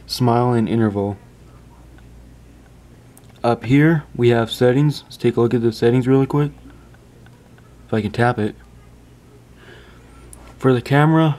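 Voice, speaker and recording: A man's voice: mid-range voice, dark tone. A man giving a casual phone review indoors, chatty and stumbling over his words, often stopping to apologize. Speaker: tech reviewer.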